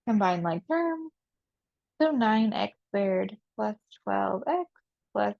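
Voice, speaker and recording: A woman's voice: medium pitch, animated, slow, gravelly, no echo, lo-fi sound. A woman math teacher in a recorded video lesson, talking through each step aloud, asking and answering her own questions and repeating key phrases.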